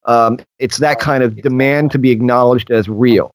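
A man's voice: mid-range voice, steady tone, normal speed, rough recording. A man talking in a rambling, reflective way, full of fillers like "um" and "you know", and sometimes acting out voices when he quotes them. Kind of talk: conversational discussion of strange experiences.

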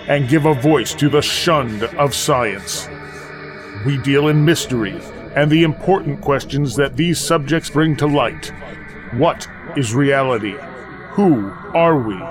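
A man reading a scripted show intro in a measured, deliberate way. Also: medium pitch. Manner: slow, measured delivery. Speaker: show announcer. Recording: over music. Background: music.

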